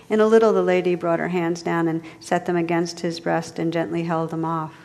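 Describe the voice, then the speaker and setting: A woman narrating a storybook tale aloud in a measured, expressive way. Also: fairly low pitch, creaky, in a large hall.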